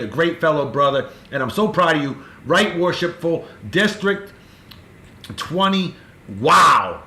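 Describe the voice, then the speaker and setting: Man, forties, effusive and upbeat, fairly high voice, echoey room. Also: sharp tone. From Martha's Vineyard, Massachusetts. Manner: upbeat, effusive, talks straight to friends. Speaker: host of a daily beer video. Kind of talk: casual birthday shout-outs.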